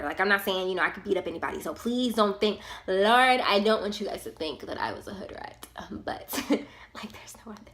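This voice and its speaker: A young adult woman vlogger recounting a personal story in a casual, animated, slangy way. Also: on the low side, creaky. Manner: animated, slangy and conversational, with many fillers. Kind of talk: storytime vlog, casual retelling.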